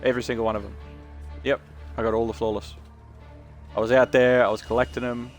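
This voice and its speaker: A man's voice: medium pitch, little pitch movement, fast talker, soft background music. A man chatting casually on his game stream, sweary and talkative. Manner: chatty, sweary, talks about accents.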